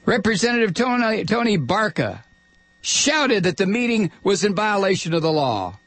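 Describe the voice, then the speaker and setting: A man hosting a political call-in radio show, angrily firing off repeated rhetorical questions and sometimes shouting. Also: high voice, sing-song, normal speed, dry recording. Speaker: radio talk show host.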